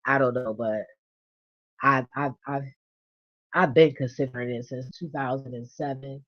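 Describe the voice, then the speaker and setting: A woman venting in a casual monologue, blunt and profane, swinging from low mutters to loud rants. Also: fairly even intonation, moderate pace, no room sound. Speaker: vlogger. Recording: dull lo-fi dry recording.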